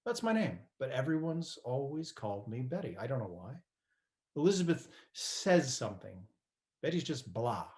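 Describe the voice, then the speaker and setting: A fussy, defensive elderly mother who lives on TV and cookies, as a man puts her on in a stage monologue. The voice sits a little higher and livelier than a plain middle-range tone. She sounds prickly and guarded. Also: big pitch swings, moderate pace, a little mellow, close to an everyday voice.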